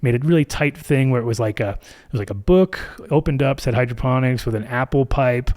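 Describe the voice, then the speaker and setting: A man's voice: medium pitch, brisk, a little mellow. A man in his fifties, a podcast guest, telling a story in casual, profane speech and acting out other people's lines.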